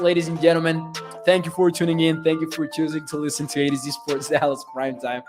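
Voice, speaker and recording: A man hosting a sports podcast, chatting casually and reading viewer comments with frequent laughs and shout-outs. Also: on the high side, flat delivery, fairly quick, music in the background. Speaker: podcast host. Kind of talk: casual live-stream chat reading comments.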